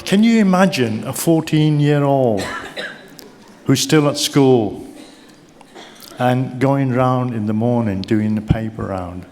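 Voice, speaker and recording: A man's voice: medium pitch, darkish tone. An older man with a Brummie accent giving a keynote speech, telling stories and joking with the crowd. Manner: chatty storytelling, joking with the crowd. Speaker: keynote speaker. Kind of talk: anecdotal speech. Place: large awards event hall. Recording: long reverb of a large hall.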